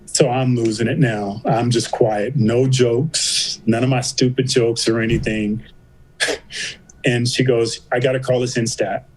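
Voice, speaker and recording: Middle-aged man, podcast guest, mid-range voice, animated storyteller, acts out quotes, casual interview. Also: mid-range voice, slow, poor audio. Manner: animated storyteller, acts out quoted dialogue, says "you know" and "I go" often.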